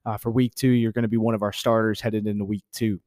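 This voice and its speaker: A man's voice: on the low side, level tone, fast talker, darkish tone, dry recording, studio quality. A young man from Texas hosting a podcast, telling his own story in a candid, profane, easygoing way. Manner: candid, profane, heated with laughs. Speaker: podcast host. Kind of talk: casual storytelling monologue.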